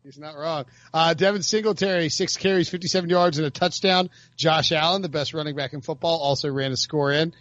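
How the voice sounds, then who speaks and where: A fairly high-voiced man hosts a loose sports talk, teasing his co-hosts and reeling off numbers. The sound is dry and dull, like a lo-fi recording. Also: a little fast, hardly any pauses, a bit bright, no room sound. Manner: joking, rattles off stats. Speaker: podcast host. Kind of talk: casual sports chat.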